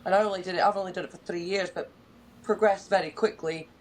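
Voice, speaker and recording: A woman's voice: lowish voice, steady tone, quick pace, slight background noise, poor audio. A young adult woman hosting a podcast in casual chat, chatty and candid, swearing freely. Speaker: podcast host.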